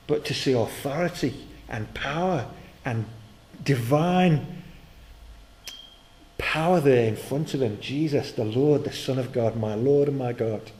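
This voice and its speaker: Male preacher telling a story with energy. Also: low-quality recording. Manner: storytelling, growing loud and high when excited; asks the listeners questions. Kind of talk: sermon.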